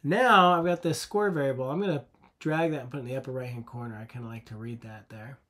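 A man's voice: medium pitch, quick pace, fairly bright tone. A man teaching a coding lesson over a screen recording, patient and conversational, often asking the viewer rhetorical questions.

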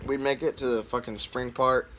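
A man's voice: medium pitch, steady tone, moderate pace, pushed and bright, slight background noise. A young man vlogging and telling a rambling, profane, laid-back story full of fillers.

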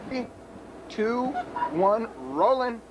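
Teen guy, mid-pitch, lively up-and-down voice, noisy camcorder sound. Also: extremely slow, highs cut off. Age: teens. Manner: mock TV-host patter, joking. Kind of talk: goofy home video clowning. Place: indoors, convenience store. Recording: noisy home camcorder audio.

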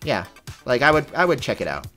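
A man's voice: medium pitch, big pitch swings, a little fast, bright, forceful tone, soft background music. A man co-hosting a casual podcast, reading out game descriptions for a guessing game, laughing often and rambling a little.

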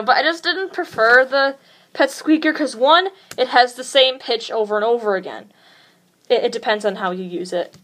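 A woman's voice: on the high side, bright, forceful tone. A woman chatting casually in a vlog tutorial, rambling and hesitant with lots of fillers. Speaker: vlogger.

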